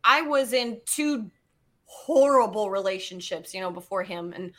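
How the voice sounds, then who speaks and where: A woman guest telling personal stories in a chatty, animated way, full of fillers and casual swearing. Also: mid-range voice, a little slow. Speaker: podcast guest, geologist. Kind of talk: casual storytelling.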